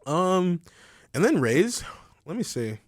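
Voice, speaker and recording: A man's voice: high voice, very animated, slow, no echo, studio quality. A man co-hosting a casual gaming podcast, talking in a laid-back slangy way with many fillers. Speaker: podcast co-host. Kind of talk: casual chat.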